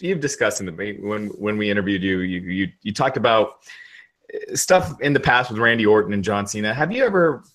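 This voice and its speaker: A man's voice: medium pitch, a bit bright. Hesitant man asking interview questions. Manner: hesitant, stumbling over words. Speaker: podcast host.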